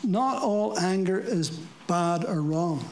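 A preacher giving a sermon to a congregation, talking plainly with rhetorical questions and dry asides, slowing down for scripture quotes. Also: medium pitch, lively intonation, darkish tone, slight background noise, low-quality recording. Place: church service before a congregation.

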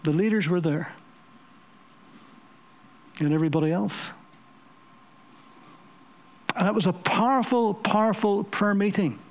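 A man's voice: high voice, unhurried, long pauses. A man preaching a sermon, telling stories vividly and repeating words for emphasis. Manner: vivid storytelling with emphatic repetition.

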